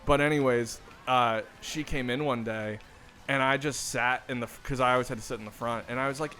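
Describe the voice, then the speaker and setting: A man's voice: mid-range voice, bright, forceful tone. A man co-hosting a casual chat, telling stories with sarcastic jokes. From northern US. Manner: sarcastic storyteller, quick jokes. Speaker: podcast co-host.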